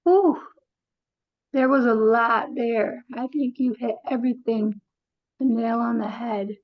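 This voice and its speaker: A woman taking part in a group session over a video call, speaking earnestly and haltingly as she searches for words. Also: fairly high pitch, dull audio. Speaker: group participant.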